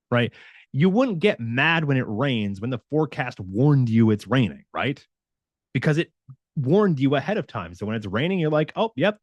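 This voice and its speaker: A man's voice: mid-range voice, no echo. A man working as a fitness coach, talking casually and with animation straight to his viewers, acting out the quotes. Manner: animated and conversational, acts out quotes. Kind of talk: casual talk to camera.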